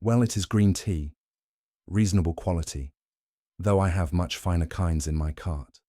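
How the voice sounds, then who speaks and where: A man's voice: sits low, moderate pace, mellow, dry recording, clean studio sound. A man voicing a busy, restless male tea merchant in a sleep story, polite and businesslike. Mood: puzzled.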